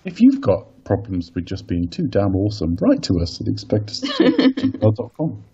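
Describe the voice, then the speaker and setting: A man's voice: lowish voice, huge pitch swings, gravelly, dark tone, husky, muffled recording. An English man co-hosting a podcast, in a casual, rambling, joking chat. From Britain. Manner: bawdy, rambling, quick to joke. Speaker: podcast co-host.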